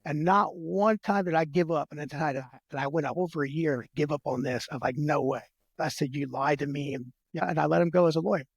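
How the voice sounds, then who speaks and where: A man's voice: on the high side, creaky, husky, no echo, clean studio sound. A man, a military veteran, telling his personal story as a podcast guest, earnest and heartfelt, with frequent restarts and repeated words. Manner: earnest, heartfelt, retells conversations in quick back-and-forth.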